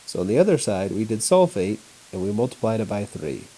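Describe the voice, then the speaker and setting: A male teacher walking through a chemistry lesson at home on his laptop, in a flat, announcer-like voice. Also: lowish voice, fairly quick, breathy edge, low-quality recording. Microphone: laptop mic.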